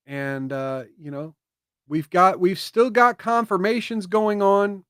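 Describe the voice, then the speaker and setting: A man hosting casual political commentary, talking emphatically and getting emotional, swinging from loud bursts to hushed asides. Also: sits high, steady tone, slow, smooth, dry recording, studio quality.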